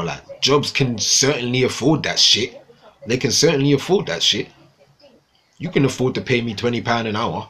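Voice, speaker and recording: A man's voice: mid-range voice, fairly bright tone. A young man ranting casually to viewers on a livestream, swearing often and repeating himself. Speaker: livestream host.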